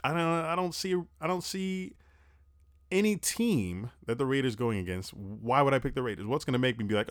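A young man hosting a casual football recap podcast, talking fast, animated and profane, breathing heavily into a close mic. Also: medium pitch, no room sound. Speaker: sports podcast host.

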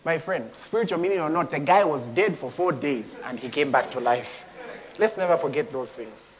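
A man preaching a sermon with passion, moving from hushed tones to shouting and at times speaking in tongues. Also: on the high side, lively intonation, moderate pace, long reverb tail. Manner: impassioned, swings between hushed and shouting.

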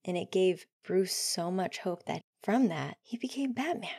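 A woman hosts a solo podcast in an earnest, heartfelt way. Her voice sits a little low, and she often sinks into soft near-whispers. The recording is close and dry, with no room sound. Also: lively intonation, a little slow, breathy edge, dry recording. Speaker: podcast host.

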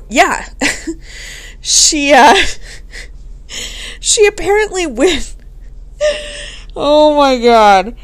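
A tipsy woman hosting a casual storytelling podcast, swearing freely and breaking into laughter. Her voice sits somewhat high and swings widely in pitch as she gets worked up. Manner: profane, animated, laughing often. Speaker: podcast host.

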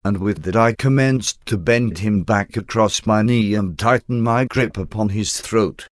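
Low-voiced male audiobook narrator. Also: a little slow, no room sound, studio quality. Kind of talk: scripted first-person narration.

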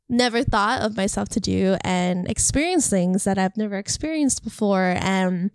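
A woman's voice: mid-range voice, gravelly, dry recording, studio quality. A young woman talking casually and earnestly to camera about faith and encouragement, rambling and heartfelt. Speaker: faith vlogger. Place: California.

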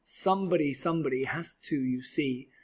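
A brisk storybook mother who questions her kids and hands out chores. The voice is pitched up and a little husky, a man reading aloud doing the part. She sounds firm and matter-of-fact. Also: a little mellow.

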